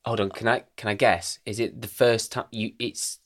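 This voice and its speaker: A man's voice: on the low side, fairly even intonation, moderate pace, fairly bright tone. A man, co-hosting a podcast, full of cheeky banter, teasing jokes and swearing. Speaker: podcast co-host. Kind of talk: casual chat.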